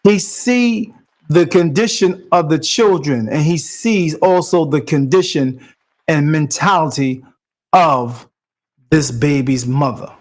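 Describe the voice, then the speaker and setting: Slow, preachy male podcast host. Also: fairly high pitch. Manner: preachy, repetitive, emphatic. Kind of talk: commentary on a video clip.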